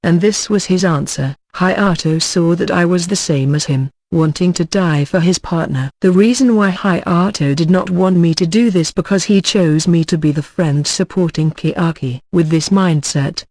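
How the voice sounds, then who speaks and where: An audiobook narrated by a synthetic voice at a middle pitch. Its reading stays even throughout and trips over names and stray punctuation. The sound is dry and close, with no room tone. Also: normal speed, hardly any pauses, no echo. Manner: even machine reading that stumbles on names and reads punctuation aloud.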